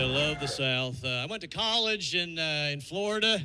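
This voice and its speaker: An older stand-up comedian from the American South performs a set on a comedy club stage, his voice on the high side, fairly quick, with few pauses. He's wry and self-mocking, with punchlines and many character voices, captured in a noisy live club recording.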